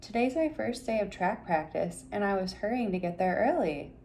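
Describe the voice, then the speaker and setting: A cheerful spotted animal friend, as a woman puts her on. Her voice jumps very high and bright, friendly and hurried. A storybook figure. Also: expressive, a little hiss or hum, natural voice.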